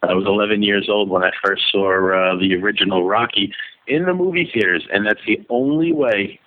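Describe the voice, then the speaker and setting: A man in his fifties from New York, a guest telling stories in a friendly, relaxed way during a phone interview. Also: on the low side, fairly quick, no echo. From New York, USA. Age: 50s. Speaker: author and guest. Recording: tinny phone line.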